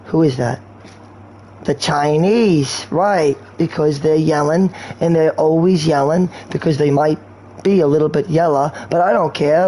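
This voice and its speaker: A man's voice: a little high, a little slow, dark tone, low-quality recording. A man streaming a game, talking in a rambling, crude way and telling meandering jokes. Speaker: gaming streamer. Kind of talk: rambling gameplay commentary.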